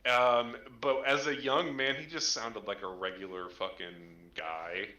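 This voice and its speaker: A man rambling excitedly through game lore in casual chat, full of fillers. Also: lowish voice, a little slow, lo-fi sound. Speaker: co-host. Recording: echoey room.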